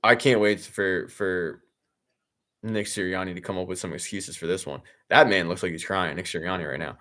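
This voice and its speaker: A watch-along host reacts to the game as it plays. He is a man with a somewhat low voice who talks in a sarcastic, exasperated, profane ramble full of fillers and restarts. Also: fairly even intonation, normal speed, bright, forceful tone. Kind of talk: live game-reaction commentary.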